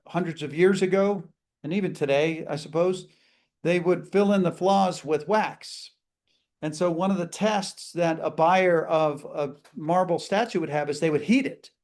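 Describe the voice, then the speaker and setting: High-voiced energetic man teaching a seminar. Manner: energetic, acts out sample phone greetings. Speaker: customer service trainer. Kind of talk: live training seminar.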